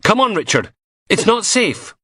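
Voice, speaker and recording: A man's voice: high-pitched, big pitch swings, a little slow, pushed and bright, slightly rough, pitched above the performer's own voice, full character voice. A man doing an alarmed female support worker. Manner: urgent, alarmed.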